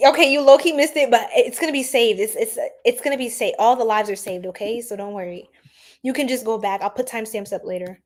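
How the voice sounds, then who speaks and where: Woman, astrology livestream host, casual chat, slangy, laughs a lot, fairly high voice. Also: a little fast.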